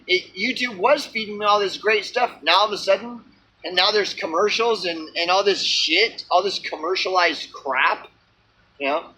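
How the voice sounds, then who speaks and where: A man with a high, sharp voice rants to his camera in a loose vlog. He swears freely and circles back on himself with many fillers and false starts. His tone is tense and bright throughout. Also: normal speed, a little hiss or hum, rough recording. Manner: profane, repetitive, many fillers and restarts. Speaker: small channel vlogger. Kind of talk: rambling unscripted rant to camera.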